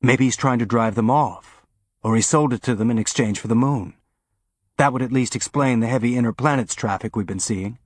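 A man voicing a calm, steady woman who is a spaceship engineer, speaking in a measured, gently firm way. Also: mid-range voice, no room sound, close to an everyday voice.

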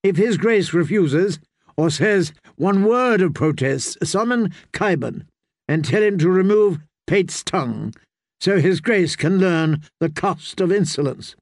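A man's voice: high voice, expressive, a little slow, dry recording, studio quality, voice pushed up, full character voice. A man voicing a cruel, scornful adult queen who speaks in clipped commands. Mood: commanding. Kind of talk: audiobook character voice.

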